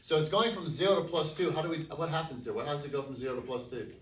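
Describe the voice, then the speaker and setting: A man's voice: on the high side, fairly even intonation, racing, fairly bright tone, slight background noise. A man teaching a chemistry class, asking students questions and answering them himself. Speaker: high school chemistry teacher. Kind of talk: classroom lecture. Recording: echoey classroom from a distance.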